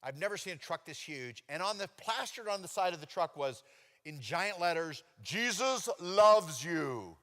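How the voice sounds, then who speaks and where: A man preaches a testimony sermon from the pulpit, his voice sitting a little high and swinging widely in pitch as he acts out his own past words. His voice rings out with the long reverb of a large church hall. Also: fairly quick. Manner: animated storytelling with high-pitched acted-out quotes.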